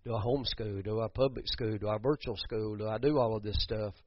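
A man's voice: lowish voice, steady tone, fairly quick, no echo. A man preaching a sermon, building to emphatic bursts and repeating words as he goes. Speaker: pastor. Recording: dull muffled sound, dry.

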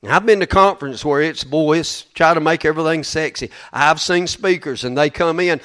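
A man's voice: on the high side, brisk, few pauses, a bit bright. A man preaching a sermon in a folksy, emphatic way, often repeating his words.

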